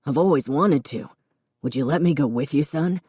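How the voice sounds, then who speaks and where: A woman narrator voicing a kind middle-aged father who gently coaxes his son. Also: sits low, normal speed, breathy edge, no room sound, clean studio sound. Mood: coaxing.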